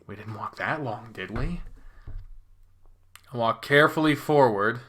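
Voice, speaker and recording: A man hosting a channel, reading a visual novel story aloud in the first person with expressive drama, from hushed near-whispers to loud panicked lines. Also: mid-range voice, measured pace.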